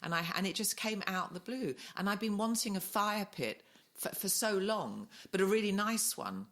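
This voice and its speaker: A woman's voice: mid-range voice, animated, normal speed, a bit bright. A middle-aged woman co-hosting a podcast, telling a story in casual chat and laughing often. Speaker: podcast co-host.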